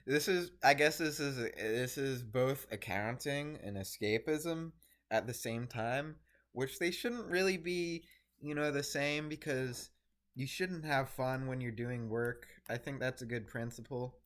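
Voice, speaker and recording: Bright-voiced man rambling in a vlog. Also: mid-range voice, measured pace. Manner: distracted, rambling, self-interrupting, swears casually. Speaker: vlogger.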